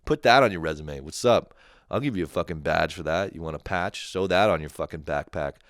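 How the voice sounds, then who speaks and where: A young man hosting a crude solo comedy podcast, swearing freely, laughing at his own jokes and jumping into loud mock quotes. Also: deep voice, brisk, dry recording, clean studio sound. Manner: profane, laughing, shifts into shouted mock quotes.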